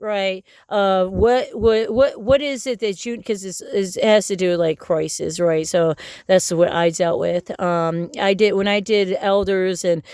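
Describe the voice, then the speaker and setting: A woman's voice: mid-range voice, steady tone, measured pace, darkish tone, clean tone, no echo, clean studio sound. A middle-aged woman ranting in a rambling, profane casual monologue full of fillers and restarts. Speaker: vlogger.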